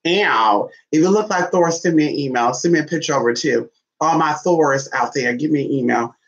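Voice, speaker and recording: A man's voice: a little high, moderate pace, fairly bright tone. A man in casual vlog talk, playful and sassy, cooing baby talk at his dog between remarks to viewers. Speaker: vlogger. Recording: dull lo-fi sound.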